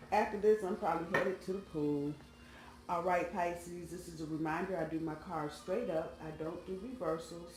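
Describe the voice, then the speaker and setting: A tarot reader lays out cards while talking casually and colloquially to viewers. The mid-range voice comes with a noisy background, a roomy sound and faint music behind it.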